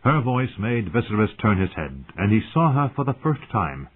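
Deep husky man narrating an audiobook. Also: big pitch swings, normal speed. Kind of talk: dramatic fantasy audiobook narration. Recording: tinny phone-like audio.

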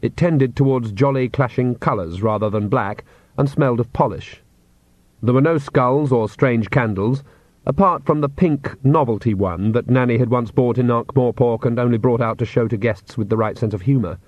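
A man narrates a comic fantasy book aloud, measured and wry. The read is close and dry, with a slightly dull, muffled tone. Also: mid-range voice, a little mellow, no room sound. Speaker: audiobook narrator. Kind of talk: scripted narration.

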